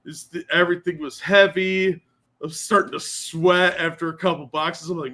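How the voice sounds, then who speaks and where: A man co-hosting a casual morning stream, sounding sleepy and poking fun at himself. His voice is bright and forceful, and he swears freely as he chats. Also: fairly high pitch, fairly even intonation, moderate pace. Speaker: podcast co-host.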